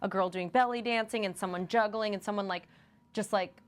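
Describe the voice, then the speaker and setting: A young woman co-hosting a podcast and chatting casually with her co-host. She laughs often and slips into quick impressions of movie lines. Her pitch sits mid-range for a woman. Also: steady tone. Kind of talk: casual chat.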